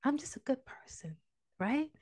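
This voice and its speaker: A woman preacher voicing a sly, evil male snake in a sermon story, soft and slow. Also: high-pitched, very animated, no echo, voice pushed up.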